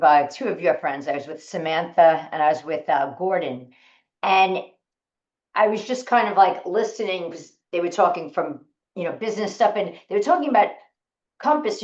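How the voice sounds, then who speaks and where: Low-voiced woman host, roomy dull sound. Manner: rambling, hesitant questions. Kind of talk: conversational interview.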